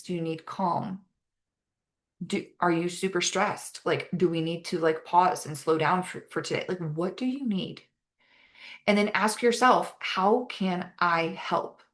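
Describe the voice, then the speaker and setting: Upbeat woman coaching with a low voice. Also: moderate pace. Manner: upbeat, earnest, many "like" and "right?" asides. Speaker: fitness and mindset coach. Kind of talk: casual motivational training talk.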